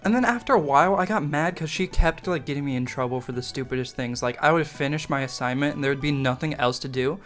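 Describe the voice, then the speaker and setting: Young man, casual storytime, slightly high voice, swears a lot, self-mocking, faint music underneath. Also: quick pace, hardly any pauses, fairly bright tone. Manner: rambling, profane, self-mocking, laughs often. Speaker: vlogger telling a story.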